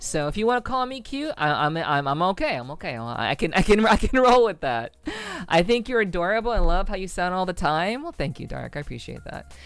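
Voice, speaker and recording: A woman streamer chatting casually with her viewers, relaxed and rambling, with frequent ums and soft laughs. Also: lowish voice, brisk, clear, resonant tone, dry recording, soft background music. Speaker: VTuber streamer. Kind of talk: casual livestream chat with viewers.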